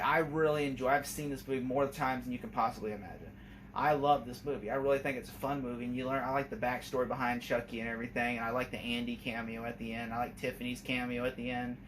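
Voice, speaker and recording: A young man casually reviewing a horror movie, rambling and excitable, often laughing and acting out lines. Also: medium pitch, a little hiss or hum.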